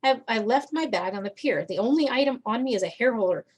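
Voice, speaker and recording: A clumsy young woman far from home talks in flustered, self-mocking bursts, as a woman reads her story aloud. The voice is fairly high. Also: expressive, quick pace, husky. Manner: flustered, joking. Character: clumsy, wry young woman lost in another world.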